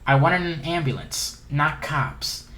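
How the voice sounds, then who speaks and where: A man hosting a commentary channel, reading a document and chat logs aloud in a halting way, with frequent fillers and restarts. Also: on the high side, fairly bright tone, a little hiss or hum. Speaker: YouTube commentary host.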